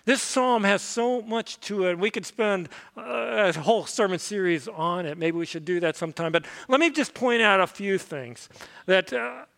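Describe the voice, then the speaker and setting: A man's voice: high-pitched, normal speed, creaky, fairly bright tone. A man preaching a sermon as pastor, earnest and personal, with repeated lines that invite the congregation to say them with him.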